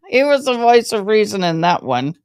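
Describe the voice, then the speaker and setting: A woman's voice: medium pitch, big pitch swings, a little slow, clean tone, no echo, clean studio sound. A woman hosting a live stream from her home, chatting casually and talking straight to her viewers. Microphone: camera setup.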